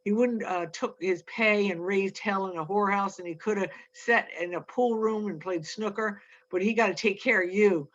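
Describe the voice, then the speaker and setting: A woman voicing a sharp-tongued, scolding older aunt in a storybook reading. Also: mid-range voice, moderate pace, hardly any pauses, close to an everyday voice. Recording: dull lo-fi recording.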